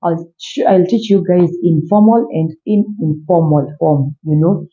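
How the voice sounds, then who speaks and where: A man's voice: fairly high pitch, unhurried. A young man teaching basic phrases in a casual vlog, friendly and repetitive, calling his viewers guys. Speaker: language vlogger teaching French. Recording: dull lo-fi audio.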